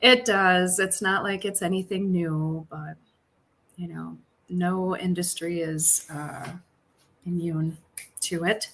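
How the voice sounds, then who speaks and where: A woman's voice: on the low side, steady tone, slow, fairly bright tone, slight background noise. A woman co-hosting a livestream in casual chat, telling a rambling story full of fillers. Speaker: livestream co-host.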